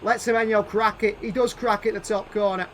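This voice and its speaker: A man giving play-by-play commentary over a football video game, calling names in short bursts and shouting when chances come. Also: high voice, flat delivery, fairly quick, a little hiss or hum. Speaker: gaming YouTuber doing live commentary.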